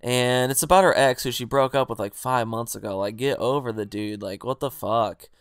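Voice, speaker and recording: A man's voice: medium pitch, moderate pace, clear, resonant tone, dry recording, studio quality. A young man in a casual storytime vlog, rambling and swearing as he retells a party argument with quoted back-and-forth. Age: young adult. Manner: rambling, profane, animated retelling with quoted dialogue. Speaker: vlogger.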